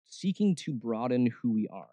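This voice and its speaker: A man's voice: medium pitch, sing-song, moderate pace, dark tone, no room sound. A man hosting a faith podcast, talking in a casual, reflective way and often restarting his words. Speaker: podcast host.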